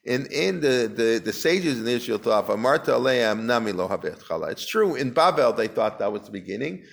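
A man's voice: medium pitch, sing-song, brisk, creaky. A man teaching a Talmud class, chanting Aramaic passages and then explaining them in casual English, asking the class questions and often restarting his sentences. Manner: conversational, asks the class questions.

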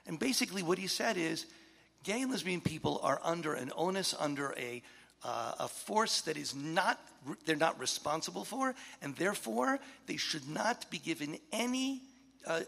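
A man's voice: a little high, creaky, fairly bright tone, long reverb tail. A man in his fifties or older, a rabbi telling an earnest, impassioned story to an audience, sometimes sinking to a near-whisper.

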